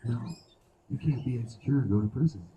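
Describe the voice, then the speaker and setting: A fast-talking man with a medium-pitched voice tells profane, animated stories during a live outdoor stand-up set, swearing freely throughout. He is far from the mic in an echoey room, and the low-quality recording has slight background noise.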